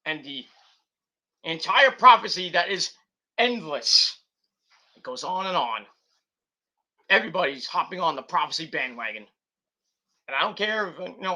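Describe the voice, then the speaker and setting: Male vlog host, very bright and forceful tone, crude, swaggering rant. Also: on the high side. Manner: brash, profane trash talk. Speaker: wrestling review channel host. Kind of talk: ranting video sign-off.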